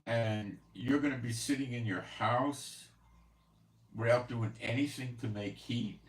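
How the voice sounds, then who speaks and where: A man's voice: mid-range voice, unhurried. A man hosting his own channel, talking casually to viewers in a rambling, conversational way full of fillers and asides, recorded at home. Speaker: channel host. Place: at home in Israel. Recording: roomy echo, voice from a distance, faint background hiss.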